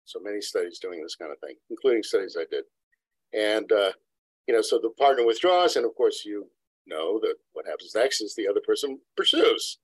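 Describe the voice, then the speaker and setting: Speaking fairly quickly in a lowish, animated voice with a breathy edge, this man is a couple therapist at a New York City practice who guests on a podcast to explain research. He lectures and digresses, acting out quotations along the way. There's no room sound, though the recording quality is low.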